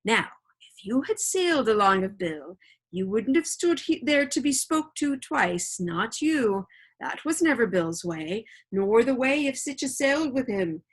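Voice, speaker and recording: A woman voicing a gruff old male pirate who swings between fawning and sneering, read aloud from a storybook. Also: a little high, sing-song, a little slow, exaggerated voice. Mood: wheedling.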